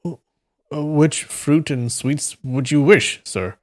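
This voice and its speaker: A man's voice: on the high side, slow pace, voice pushed up. A man voicing a cold, sarcastic male waiter in a live story reading.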